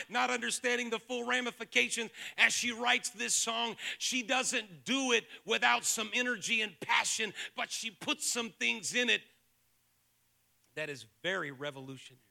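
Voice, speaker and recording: A male pastor preaching a sermon to a live congregation. He moves from soft-spoken teaching to shouted, fervent preaching and calls on the listeners to answer aloud. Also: very high-pitched, normal speed, creaky. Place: church sanctuary with a live congregation.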